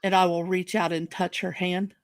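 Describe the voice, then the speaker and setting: A player in a tabletop game, speaking slowly and deliberately. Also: mid-range voice, little pitch movement, background noise. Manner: slow, deliberate.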